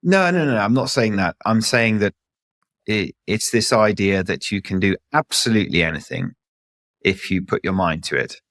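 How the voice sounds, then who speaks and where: A man arguing his point with earnest insistence, often firing off a string of repeated no's. His voice is somewhat low. The sound is dry and close. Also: expressive, moderate pace, fairly bright tone, no echo. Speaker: co-host. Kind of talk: comedic banter.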